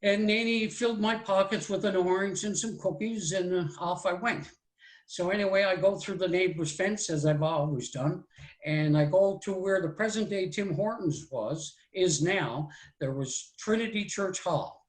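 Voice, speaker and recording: A man's voice: high-pitched, moderate pace, roomy sound, low-quality recording. A man, telling a childhood story in a folksy, rambling way. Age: 60s. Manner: folksy and rambling, with "so anyway" and "right?". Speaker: guest storyteller. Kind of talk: live oral storytelling.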